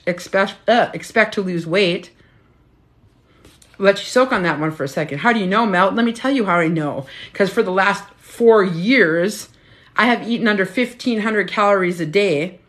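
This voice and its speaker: A blunt woman in her fifties talks straight at the listener like a coach fired up about her cause. She is profane and preachy, tossing in "right?" again and again. Her voice sits a little low for a woman. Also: fairly bright tone. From United States. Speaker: weight loss coach. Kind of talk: casual motivational talk.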